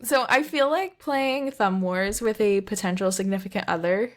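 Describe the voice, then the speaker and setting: A woman's voice: medium pitch, normal speed. Young woman podcast co-host, casual chatter, rambling delivery, mid-range voice. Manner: chatty and rambling, trips over words. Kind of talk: casual book-discussion chat.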